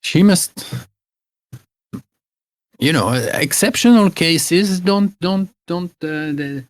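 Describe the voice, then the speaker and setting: Picture a bossy, shrewd old hag of a healer barking out remedies and orders, as a man puts her on in a tabletop game. Her voice sits high and fussy, tripping over fillers. The sound is dry, with no room around it. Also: expressive, drawn-out words, dry recording. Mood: advising. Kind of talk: voicing a character in a tabletop game.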